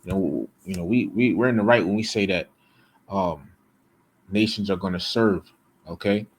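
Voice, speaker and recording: A man with a fairly low voice leads a casual, conversational bible study, reading verses aloud and often checking in with "okay?" and "you know." The recording is rough.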